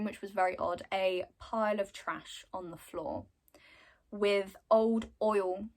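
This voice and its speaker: A woman's voice: mid-range voice, a bit bright. A young woman casually retelling a game's story in a chatty way, with lots of fillers. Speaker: content creator.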